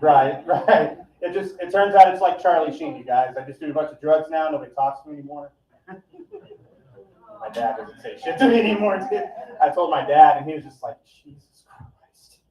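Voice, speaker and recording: A man doing a stand-up set at a live comedy event, with a deadpan, profane, rambling delivery. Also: on the high side, moderate pace. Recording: echoey, distant, dull live recording.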